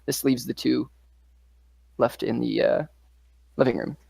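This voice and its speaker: A man's voice: medium pitch, fairly even intonation, a little slow, creaky, a little mellow, breathy edge, dry recording. A man running a tabletop game as game master, narrating scenes vividly with loose fillers.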